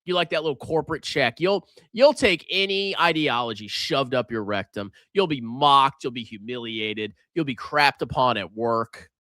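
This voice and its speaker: A man's voice: mid-range voice, moderate pace, hardly any pauses, pushed and bright, dry recording. A man hosting a livestream, ranting in a sarcastic, combative, mocking way. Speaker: livestream host.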